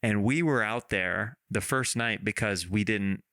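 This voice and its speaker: A man's voice: on the low side, measured pace, bright, forceful tone, dry recording, studio quality. A man in his thirties hosting a podcast, chatting casually in a rambling way with many restarts. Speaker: podcast host. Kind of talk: casual interview chat.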